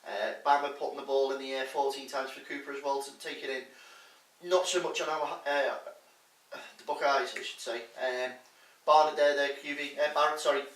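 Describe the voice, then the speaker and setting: Bright-voiced man reading sports stats. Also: mid-range voice, fairly even intonation, normal speed, a little hiss or hum. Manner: rattles off statistics with filler hesitations. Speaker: co-host giving sports stats. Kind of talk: casual comedy sports chat. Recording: echoey room, mic at a distance.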